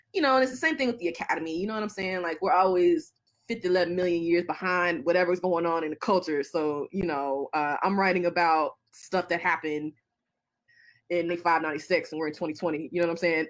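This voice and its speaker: A woman answering interview questions casually, chatty and laughing, with many fillers and restarts. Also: fairly low pitch. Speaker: interview guest.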